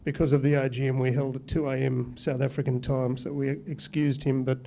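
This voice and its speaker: A man with an Australian accent, a company executive giving formal meeting remarks in an even, matter-of-fact way. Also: medium pitch, a little fast, gravelly, a little hiss or hum.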